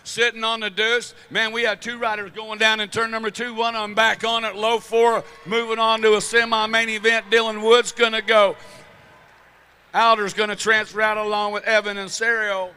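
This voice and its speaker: A man gives chatty, slangy color commentary on a BMX race. His voice is very high, bright and crisp, holding a narrow pitch band. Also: level tone, normal speed. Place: outdoor BMX track.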